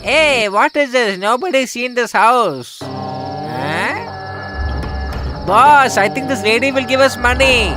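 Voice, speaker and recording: A man's voice: extremely high pitch, big pitch swings, slow pace, music in the background, heavily acted. A man voicing a rude, pushy young henchman in a dubbed film. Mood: wheedling.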